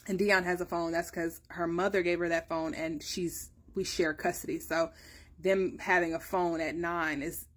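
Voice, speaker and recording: A woman in her thirties, a mother chatting casually to her viewers and telling a long story, acting out her own questions with sudden rises in pitch. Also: fairly even intonation, moderate pace, fairly bright tone. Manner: chatty storytelling, acts out dialogue with rising pitch. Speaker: mother giving a family update. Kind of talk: casual chat to camera.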